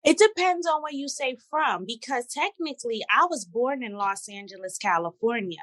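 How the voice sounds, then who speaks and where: A woman's voice: fairly high pitch, moderate pace, no echo, poor audio. A woman with a New York accent from Brooklyn, a podcast guest talking frankly and casually. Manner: lively, frank, switches between speech registers. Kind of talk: candid casual conversation.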